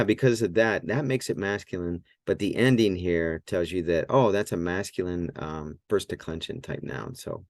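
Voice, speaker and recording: A man with a very low voice teaching a language lesson at a whiteboard. He talks in a relaxed way, thinking aloud and often restarting his words. The sound is close and dry. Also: no echo. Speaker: Greek teacher.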